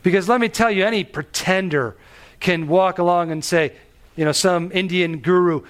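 A man preaching a sermon on a Bible passage, animated and emphatic, pushing his voice up on key phrases. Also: sits high, normal speed. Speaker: pastor.

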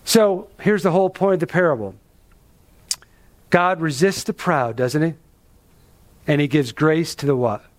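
A man's voice: a little slow, long pauses. A man preaching an expository sermon, emphatic, asking rhetorical questions and dropping his voice for weight. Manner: emphatic, with rhetorical questions and dramatic drops in pitch.

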